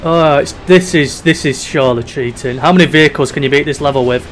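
A man's voice: a little high, a little fast, a little hiss or hum. A young man giving casual, sweary commentary while playing a video game. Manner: chatty and sweary, drifting between mock despair and giggles. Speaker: gaming YouTuber.

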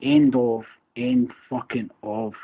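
A husky-voiced Scottish man with a broad Glasgow accent rants on his own podcast, sweary and repetitive after a few beers. His heated delivery comes through a tinny, phone-like recording. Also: medium pitch, very animated, slow. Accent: Scottish, Glaswegian. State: a bit drunk. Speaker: podcast host. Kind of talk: angry solo rant.

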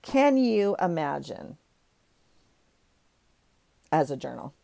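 A woman's voice: sits low, very animated, takes it slowly, gravelly, mellow, dry recording. A middle-aged woman gushing over craft finds in a rambling, casual haul chat, often breaking off mid-sentence. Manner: gushing, rambling, self-interrupting. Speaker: craft vlogger.

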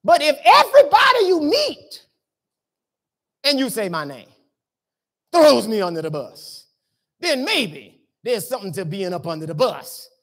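A man's voice: very high voice, huge pitch swings, measured pace, long pauses, fairly bright tone, husky. A man pastor from the preaching a sermon in church, in a talky, colloquial way full of rhetorical questions. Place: church sanctuary.

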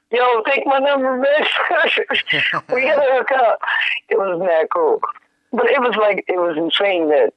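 Guest musician, male, high voice, animated storyteller, tinny phone-like sound. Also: dry recording. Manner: animated, laughing, slangy and profane. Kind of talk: casual storytelling chat.

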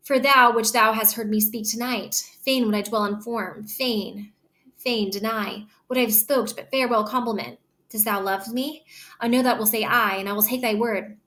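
A woman lending her own voice to a lovestruck young woman, earnest and guarded, reading the old verse aloud and tripping over a word here and there. The voice sits a little high for a woman. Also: steady tone, moderate pace, a bit bright, close to an everyday voice. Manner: reads the old verse aloud, stumbling on words.

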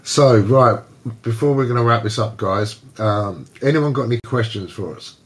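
An English man hosting a casual online chat, telling lively anecdotes and slipping into voices for the people in them. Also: mid-range voice, normal speed. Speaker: host.

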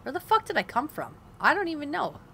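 High, bright-voiced woman gaming streamer. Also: big pitch swings, quick pace, creaky, a little hiss or hum. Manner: frustrated, swearing, talking to herself and viewers. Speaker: gaming video host. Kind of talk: live gameplay commentary.

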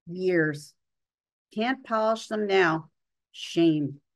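A woman's voice: on the low side, extremely slow, voice pushed up. A woman voicing a weary, bitter older female hospital patient who talks plainly and sounds resigned, with folksy grammar.

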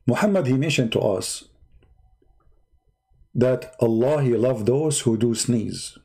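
Gravelly sarcastic man. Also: mid-range voice, mellow. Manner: sarcastic, drawn-out mocking delivery. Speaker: live stream debate host. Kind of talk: mocking live-stream commentary.

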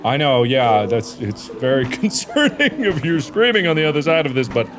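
A man commentating a horror game, excitable and jumpy, with loud reactions and swearing. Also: medium pitch, normal speed. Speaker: gaming host. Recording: game music in background.

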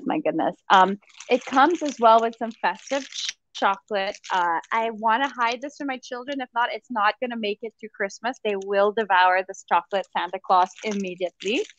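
A woman's voice: medium pitch, muffled recording, a little hiss or hum. A woman chatting casually and enthusiastically about food and a holiday gift hamper. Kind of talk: casual video-call chat.

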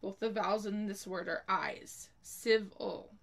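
Slowly and carefully, a woman spells words letter by letter for children in a spelling lesson, adding an example sentence for each. Her voice is medium in pitch, fairly bright, with vocal fry.

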